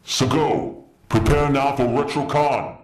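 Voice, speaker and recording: A man's voice: medium pitch, takes it slowly, natural voice. A man playing a pompous alien invader who gives stiff, solemn orders in a comic homemade commercial. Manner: stiff, solemn announcement delivery. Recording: roomy, echoey recording.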